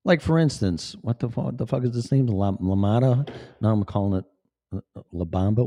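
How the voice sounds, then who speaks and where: A man's voice: sits low, normal speed, creaky, mellow. A man in his late fifties talking in a rambling, profane, emphatic monologue to camera. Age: 50s. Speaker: vlogger.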